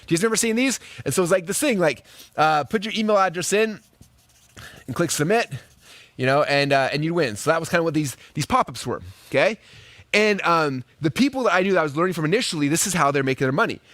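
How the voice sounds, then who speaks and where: A man teaching online marketing to a live group, acting out quoted voices in a high excited pitch. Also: fast, no echo. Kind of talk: energetic teaching talk.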